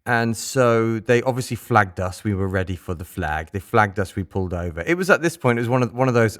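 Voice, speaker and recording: A man with a fairly low voice tells tour anecdotes in a loose, chatty way. He jumps into quoted voices and keeps the story rolling. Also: quick pace, few pauses. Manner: animated anecdotes with acted-out quotes. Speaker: band member co-hosting a podcast. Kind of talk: casual storytelling chat.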